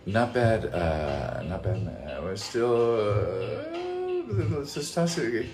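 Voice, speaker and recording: A man's voice: low-pitched, huge pitch swings, normal speed. A man hosting a casual livestream Q&A, reading fan messages aloud and rambling with plenty of swearing. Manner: rambling, profane, reads chat messages aloud. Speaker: voice actor answering fan questions. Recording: roomy echo, faint music.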